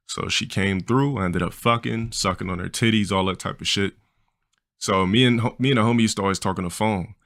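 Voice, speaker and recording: 40s dude streaming, gravelly low voice, bright edge, blunt crude storytelling, rambles. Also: male voice, fairly even intonation, quick pace. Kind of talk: casual storytelling on a livestream.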